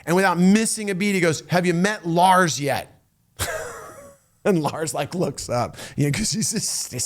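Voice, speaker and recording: A middle-aged man tells a story in a high, lively voice. He jumps between restarts and acts out quotes as he goes. His delivery is loose and casual. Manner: animated, full of restarts and acted-out quotes. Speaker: storyteller recounting a tour. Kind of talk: casual anecdote telling.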